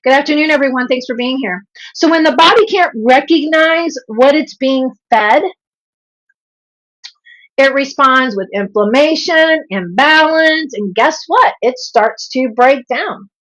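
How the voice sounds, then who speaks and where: A woman's voice: high voice, a little slow, a bit bright, low-quality recording. A woman in her fifties with a Southern drawl hosts a live stream, speaking earnestly, repeating points for emphasis and greeting viewers by name. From Southern United States. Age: 50s. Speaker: livestream host and nutrition coach.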